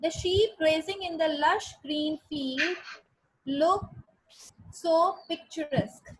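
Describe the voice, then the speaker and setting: A woman teaches a grammar class in a high, clear voice. She talks patiently, repeats each sentence and spells words out letter by letter. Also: takes it slowly, poor audio. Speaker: English teacher. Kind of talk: online grammar lesson.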